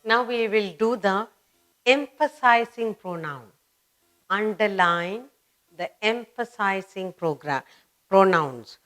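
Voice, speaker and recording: A woman's voice: mid-range voice, slow, fairly bright tone. A woman teaching grammar to children, stressing and repeating each example sentence.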